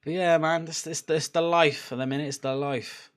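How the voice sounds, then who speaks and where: This football watchalong streamer is a young man whose voice sits on the high side, steady in tone, smooth and moderately paced. He chats and laughs through a live match reaction, swearing and cheering on the players.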